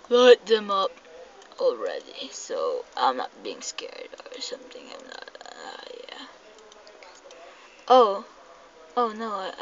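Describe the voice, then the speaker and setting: A young woman with a Filipino accent commenting on a game she is playing, excitable and jumpy, jumping between loud panicked cries and low mutters. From Philippines. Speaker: gamer. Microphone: phone mic. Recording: dull lo-fi phone recording with faint noise.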